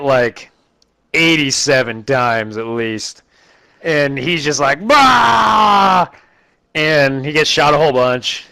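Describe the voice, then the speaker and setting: A man casually recapping a terrible movie for laughs, animated and laughing often as he acts out lines. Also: mid-range voice, rough recording. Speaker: movie reviewer.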